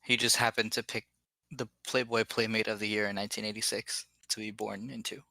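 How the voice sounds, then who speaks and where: A man's voice: fairly low pitch, level tone, fairly quick, creaky, pushed and bright, no room sound. A man in casual group chat, making wry comments and sharing trivia. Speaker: watch-along co-host.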